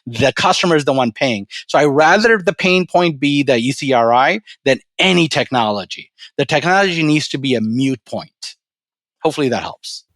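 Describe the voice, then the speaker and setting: A man telling a story and answering questions as a podcast guest, relaxed and often repeating his words. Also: mid-range voice, normal speed, dry recording. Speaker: podcast guest, storage company president. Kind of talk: casual interview talk and storytelling.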